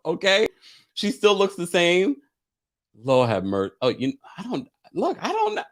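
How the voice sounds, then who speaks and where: A man's voice: high voice, huge pitch swings, measured pace. A man hosting a live recap stream, chatting casually, reading viewer comments and laughing between remarks. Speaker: live recap show host.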